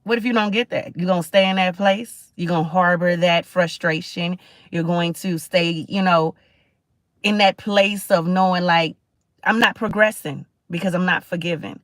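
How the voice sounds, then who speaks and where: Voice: mid-range voice, fairly even intonation, normal speed, no room sound. Preachy Caribbean-born livestream host, dry sound. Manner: preachy, conversational, keeps checking in with listeners; reads and answers viewer comments. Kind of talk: motivational livestream talk.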